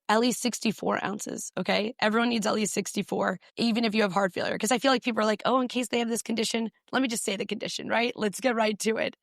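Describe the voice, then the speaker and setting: Woman doctor giving brisk, numbered health tips. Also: on the high side, creaky, no room sound, studio quality. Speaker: physician guest. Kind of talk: podcast interview.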